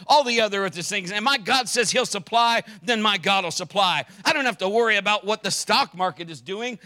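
A pastor preaching a sermon, fervent and emphatic, with a folksy, conversational way of talking. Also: male voice, high-pitched, pushed and bright.

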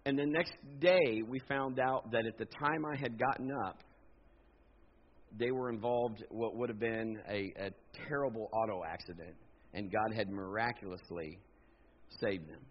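A man in his fifties preaching a sermon, telling a personal story in an animated, jokey way and acting out the voices. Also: lowish voice, moderate pace. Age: 50s. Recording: dull lo-fi sound.

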